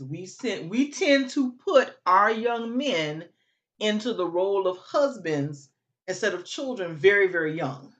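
A woman's voice: lowish voice, a bit bright, dull audio. A woman hosting a casual talk. She speaks earnestly and with emphasis, thinking aloud as she builds toward her point. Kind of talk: casual chat.

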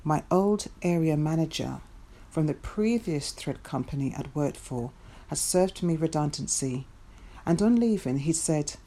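A woman reading her own first-person memoir in a reflective, measured storytelling manner. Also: low voice, lively intonation, dark tone.

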